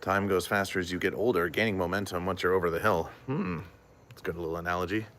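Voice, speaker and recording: Deep-voiced man rambling on a livestream. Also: fairly even intonation, fast, a bit bright. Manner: rambling, many fillers, reads and answers chat. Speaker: comedian streamer. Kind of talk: casual livestream chat.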